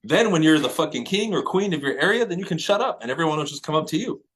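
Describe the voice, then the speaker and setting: A man coaching real estate agents in a high-energy motivational talk, swearing freely and pushing hard on every point. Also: lively intonation, fast, fairly bright tone, slight background noise. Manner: profane, high-energy, emphatic.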